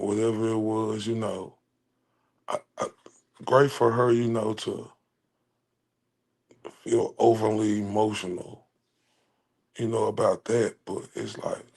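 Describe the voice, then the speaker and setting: A man's voice: on the low side, vocal fry, husky. A man giving casual commentary, chuckling between phrases and often repeating himself. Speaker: commentary vlogger.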